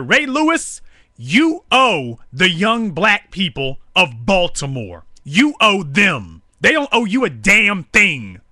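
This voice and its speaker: A man's voice: a little high, sharp tone, dry recording, studio quality. A man hosting a live talk show, delivering angry, preaching commentary full of repetition. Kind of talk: fiery political commentary.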